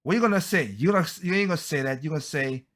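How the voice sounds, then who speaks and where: A man's voice: fairly high pitch, racing, fairly bright tone. A man hosting a podcast, giving heated, blunt opinion commentary and often stumbling over and repeating his words. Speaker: podcast host.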